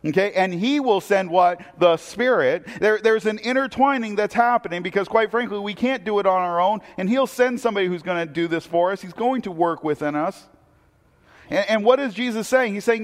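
A man's voice: high voice, lively intonation, normal speed, big-room sound. A man preaching a sermon earnestly, often repeating a word as he starts a thought. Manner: earnest, repeats words when starting sentences. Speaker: pastor.

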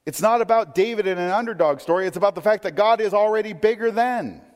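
Man preaching in a reverberant hall. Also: fast talker. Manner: conversational teaching, rising emphatic when reading scripture, dropping low for asides. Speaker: pastor. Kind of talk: sermon.

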